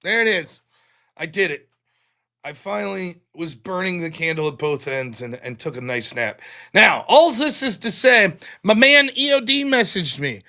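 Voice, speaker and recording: A man's voice: high voice, big pitch swings, moderate pace, bright, forceful tone. A man hosting his live stream, telling a rambling, profane, self-mocking story about his day in casual chat.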